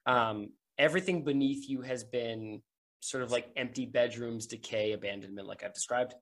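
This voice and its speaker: A game master narrating a tabletop game on a podcast, casual and halting with many fillers. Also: mid-range voice. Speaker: dungeon master.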